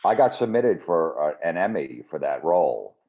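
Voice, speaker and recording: Very deep-voiced man telling stories. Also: sing-song, normal speed, mellow. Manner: rambling, anecdotal, dry. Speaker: guest comedian. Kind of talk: casual storytelling. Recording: dull lo-fi audio.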